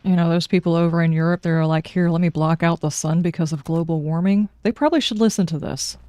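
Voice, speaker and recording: A woman's voice: lowish voice, steady tone, fast, mellow, no room sound, studio quality. A woman streaming a game, chatting with opinions and talking back to the characters on screen. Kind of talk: casual gameplay commentary.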